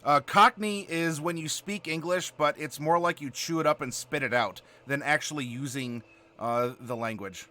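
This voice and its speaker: A man with a slight Southern American accent, hosting a casual chat in a playful, animated way with frequent laughter. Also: a little high, normal speed. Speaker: host.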